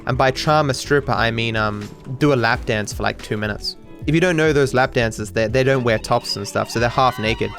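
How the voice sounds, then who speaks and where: A young Australian man giving casual commentary over a speedrun, sarcastic and self-deprecating, with sudden excited outbursts. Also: mid-range voice, normal speed, hardly any pauses, faint music behind. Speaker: speedrunning streamer.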